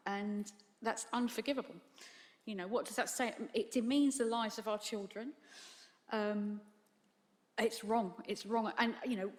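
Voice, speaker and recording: Tearful mother in a reverberant hall. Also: a little high. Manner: halting, tearful, many fillers and restarts. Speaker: bereaved mother giving testimony. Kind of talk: emotional public testimony. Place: large hall at a public tribunal.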